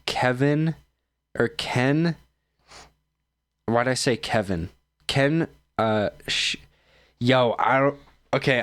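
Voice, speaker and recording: A man's voice: medium pitch, smooth. A man hosts his own show and talks through clips in a loose, meandering way. He sounds tired and keeps yawning. He pokes fun at himself as he goes. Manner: joking, self-mocking, loose. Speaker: streamer host reacting to videos. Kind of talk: casual rambling commentary.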